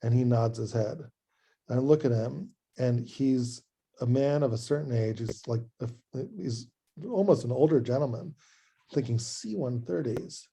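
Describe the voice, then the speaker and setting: A man, a rabbi, giving an adult education lecture over a video call and telling a story in a chatty, animated way with frequent restarts. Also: medium pitch, moderate pace, slightly rough.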